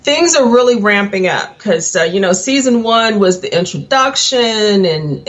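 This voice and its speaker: A woman chatting casually and teasingly on a video call, laughing often as she talks. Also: lowish voice. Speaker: co-producer and guest. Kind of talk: casual chat.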